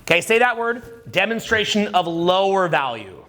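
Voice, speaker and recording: A man with a high voice leads a live dating seminar. He talks crudely and jokes constantly. He keeps quizzing the audience and has them repeat key terms back. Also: sing-song, normal speed, pushed and bright. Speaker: dating coach.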